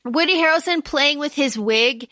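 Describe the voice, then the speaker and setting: Bright high-voiced woman podcast co-host. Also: normal speed, dry recording, studio quality. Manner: animated, quotes characters in exaggerated voices, swears casually. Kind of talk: casual chat recapping a movie.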